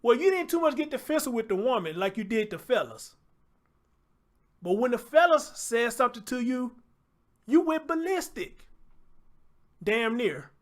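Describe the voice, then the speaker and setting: A man's voice: very high voice, big pitch swings, moderate pace, long pauses. Sex: man. Role: show host. Style: emotional reaction commentary. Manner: profane, heated, near tears.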